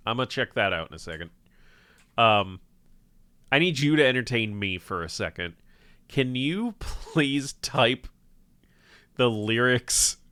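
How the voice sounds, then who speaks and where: A man's voice: mid-range voice, sharp tone, clean tone, no room sound, clean studio sound. A man live-streaming a game in casual chat. He swears freely, rambles, and laughs often. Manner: profane, rambling, laughs a lot.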